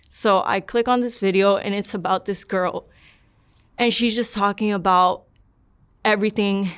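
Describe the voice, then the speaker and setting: A young woman in an interview, earnestly recounting a personal story in a rambling, soft-spoken way with lots of "like". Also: medium pitch, clear, resonant tone. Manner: rambling and earnest, leans heavily on "like". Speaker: interview subject.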